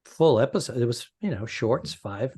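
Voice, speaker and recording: A man of middle pitch co-hosting a comedy podcast. He tells stories in halting bits and repeats words while he finds his way. He keeps the tone loose and chatty. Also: lively intonation, dark tone, slightly rough. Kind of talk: casual chat.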